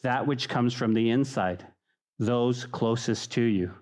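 A man preaching an evening Bible study as pastor, conversational and animated, often calling listeners "guys". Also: measured pace. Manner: animated, acts out mocking voices with high pitch. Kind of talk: sermon.

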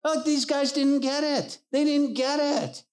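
Animated man preaching a sermon. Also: extremely high pitch, unhurried. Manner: animated and emphatic, acts out quoted people. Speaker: pastor.

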